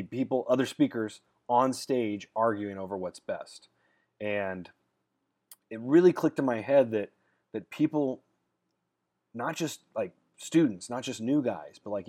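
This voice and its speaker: A man with a slightly low voice talks casually to his viewers as a dating coach. He tells stories in a loose, rambling way and often repeats words as he restarts a sentence. His manner is blunt and straight-talking. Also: a little mellow. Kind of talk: casual monologue to camera.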